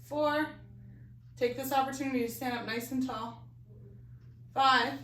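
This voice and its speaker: Woman, exercise instructor, slow counting, bright voice, echoey room, a bit far from mic. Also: high voice, steady tone, a little hiss or hum. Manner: counts reps slowly, coaching cues. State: a little out of breath. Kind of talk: live fitness class instruction.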